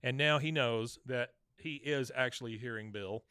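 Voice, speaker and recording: Podcast host, man, average pitch, loose rambling recap, dry close mic. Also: moderate pace, bright, forceful tone, clear, resonant tone, dry recording. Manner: rambling, lots of um and uh. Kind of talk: casual chat, recapping an episode.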